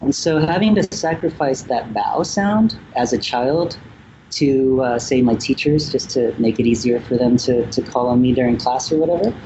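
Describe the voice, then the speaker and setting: A man from Vietnam speaks as a guest in a casual interview. He talks in a slow, reflective way, full of ums and pauses. His voice is mellow, and the dull, lo-fi recording carries a faint hiss. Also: medium pitch. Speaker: musician guest.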